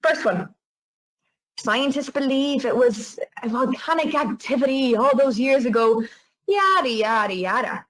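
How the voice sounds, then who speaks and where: A woman with a Northern Irish accent, telling folklore and travel tips in a lively, chatty way. Her voice sits high, and she talks like a presenter who loves spinning a yarn. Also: unhurried, poor audio. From Northern Ireland.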